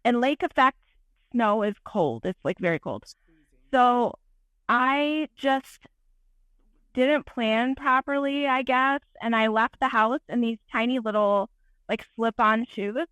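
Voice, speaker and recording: A woman with a fairly high voice tells a long, chatty story in a casual podcast interview. Her talk is loose and full of fillers. The sound is dry and close. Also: slow, fairly bright tone, clean tone, no room sound. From Michigan. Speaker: guest photographer.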